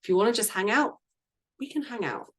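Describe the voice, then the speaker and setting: A woman's voice: mid-range voice, big pitch swings, a little fast, a bit bright, slightly rough. A woman business and sales coach talking casually in a group discussion, chatty, laughing often and acting out quoted lines.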